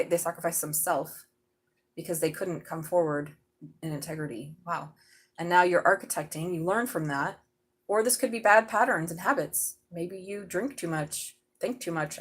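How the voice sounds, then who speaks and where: A middle-aged woman doing a live tarot reading, chatty and excitable, swearing casually as she talks. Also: on the low side, poor audio. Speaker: tarot reader.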